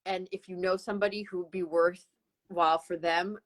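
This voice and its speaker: Upbeat West Coast Canadian woman, lowish voice, pitching on a live video stream. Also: steady tone, normal speed, poor audio. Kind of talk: live-streamed sales presentation. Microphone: computer mic on a live video call.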